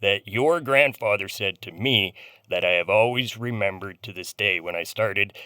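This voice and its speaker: A man's voice: on the low side, normal speed, bright, forceful tone, dry recording, studio quality. A middle-aged man hosting a podcast interview in a friendly, enthusiastic way. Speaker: podcast host. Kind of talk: casual interview chat.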